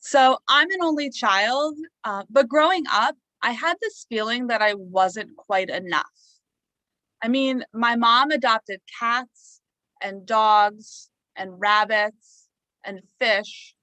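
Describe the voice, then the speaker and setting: A woman from New Jersey opening a stand-up comedy set with an unhurried, deadpan delivery. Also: fairly high pitch, no room sound.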